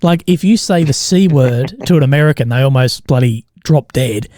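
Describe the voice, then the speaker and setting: Brief: Aussie male host, mid-pitched mellow tone, easygoing and profane, dry close mic. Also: dry recording. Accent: Australian. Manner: chatty, swears, quick to laugh. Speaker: podcast host. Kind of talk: casual conversational interview.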